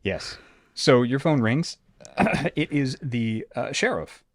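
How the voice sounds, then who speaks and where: A man's voice: mid-range voice, expressive, slow, no echo, clean studio sound. A man running a tabletop role-playing game as storyteller, telling the scene in a loose, rambling way full of fillers. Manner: loose, filler-heavy storytelling with sudden shouted character bits.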